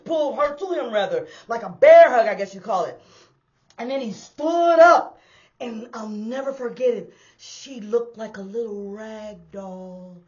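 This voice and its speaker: A woman who used to drive buses tells a personal street story in a casual, animated way, talking straight to her listeners and acting out the sounds. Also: fairly high pitch, dull audio. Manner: animated, addresses listeners as y'all, acts out sounds. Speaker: storyteller and former bus driver. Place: indoors on a hot day.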